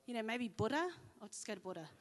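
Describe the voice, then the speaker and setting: A woman's voice: fairly high pitch, fast talker. A woman giving a chatty church sermon, telling personal stories with lots of fillers. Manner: chatty, animated storytelling with fillers. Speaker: church speaker. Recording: hall reverb.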